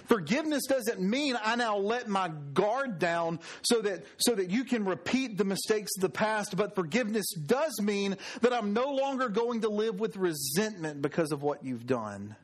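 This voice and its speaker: A man delivers a sermon from the pulpit. His voice sits fairly high, and he talks in a chatty storytelling way. He lets his pitch drop low at the close of his phrases. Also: lively intonation, normal speed, hardly any pauses. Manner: conversational storytelling preaching, drops pitch at ends. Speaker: pastor.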